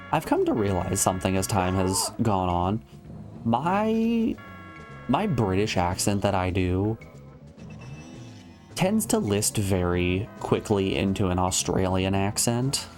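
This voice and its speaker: A man streaming a video game, joking and thinking aloud in casual commentary. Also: fairly low pitch.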